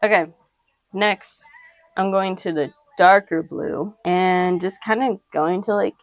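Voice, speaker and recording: A woman's voice: medium pitch, steady tone, slow pace, no echo. A young woman chatting casually through a makeup tutorial at home, rambling, giggling and swearing offhandedly while talking to the camera. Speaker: makeup vlogger.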